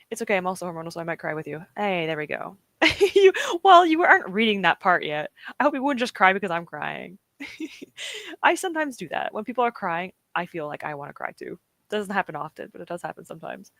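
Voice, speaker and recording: A woman's voice: on the low side, fairly bright tone, no echo. A young woman hosting a reading stream, chatting casually and reading out viewer comments with frequent giggles. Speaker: livestream host.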